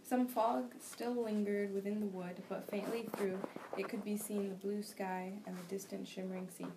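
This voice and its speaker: A young woman reading a novel aloud for a class discussion, steady and plain, with small slips and restarts. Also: medium pitch, normal speed. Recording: faint background noise.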